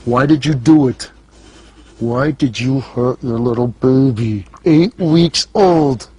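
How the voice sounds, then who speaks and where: Baby girl pleading with her dad, a man putting it on, hushed and slow, husky voice. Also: medium pitch.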